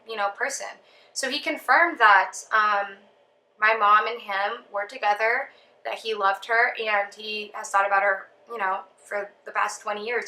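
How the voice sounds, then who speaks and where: Bright chatty young woman telling a story. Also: mid-range voice, echoey room, rough recording. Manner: chatty, lots of ums and you knows. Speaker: vlogger. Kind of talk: casual story time.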